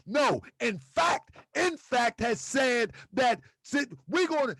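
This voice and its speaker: A man with a strikingly high voice lectures his online audience and fires off repeated rhetorical questions. His pitch leaps around with lively energy. The sound is close and dry. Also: dry recording. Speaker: host. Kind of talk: livestream commentary to chat.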